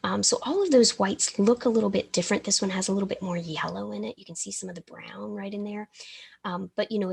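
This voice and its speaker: This woman from the American South leads a live miniature painting class in a mid-range, creaky voice with a breathy edge. Chatty by nature, she often cuts herself off and occasionally mumbles with a brush in her mouth.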